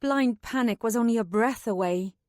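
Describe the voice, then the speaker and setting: A woman's voice: a little high, moderate pace, darkish tone, no room sound. A woman narrating a first-person fantasy audiobook in a tense, urgent way, close to a studio mic.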